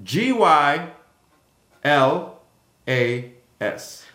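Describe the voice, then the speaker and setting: A man's voice: on the high side, sing-song, drawn-out words, pushed and bright. A man from Jamaica co-hosting a casual podcast, teasing his co-host as he quizzes her on a word. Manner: playful, teasing quiz-master. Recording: echoey room.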